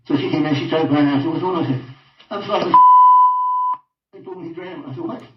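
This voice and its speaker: An older man giving a halting personal account in an interview, repeating himself and often trailing off quietly. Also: on the high side, very noisy. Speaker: interviewed father. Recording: roomy, distant, dull audio.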